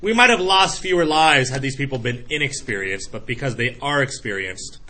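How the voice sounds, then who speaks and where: Animated man teaching a history class. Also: medium pitch, moderate pace, a little hiss or hum. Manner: animated, acts out voices in analogies. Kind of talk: classroom lecture.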